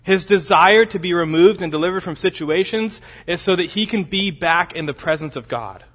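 A male preacher with a fairly high voice delivers an expository sermon. He leans hard into emphatic lines, then sinks to near-quiet, low phrases, and he repeats key phrases to drive a point home. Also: moderate pace, long reverb tail. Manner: emphatic, swings between loud urgent peaks and quiet low drops.

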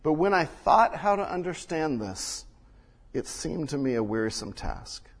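A man preaching a sermon and reading scripture, swinging between loud emphasis and hushed quiet, recorded in a church sanctuary. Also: a little high, very animated, measured pace. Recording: long reverb of a large hall.

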